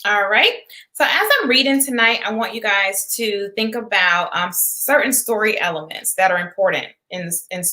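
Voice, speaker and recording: Casting: woman, kindergarten teacher, bright clear voice, sing-song story reading. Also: medium pitch, normal speed. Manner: guest in casual chat, with fillers. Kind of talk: reading aloud to children.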